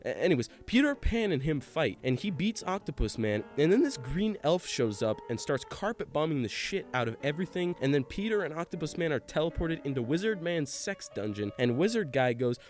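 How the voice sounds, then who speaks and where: Young man giving a deadpan, crude recap. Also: a little high, brisk, hardly any pauses, faint music behind. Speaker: comedy narrator. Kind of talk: sarcastic plot recap.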